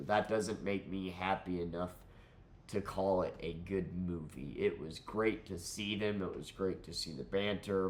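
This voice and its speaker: A man with a very low, nasal voice, stuffy from being under the weather. He rambles in a casual, candid way, full of "um"s and restarts, as he reviews a film for his own channel. A faint hum of noise sits behind him at home.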